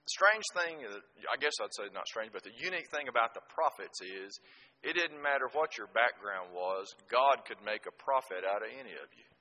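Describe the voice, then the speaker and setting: A middle-aged man preaching a sermon, swinging from booming emphasis to slow, hushed scripture reading. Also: lively intonation.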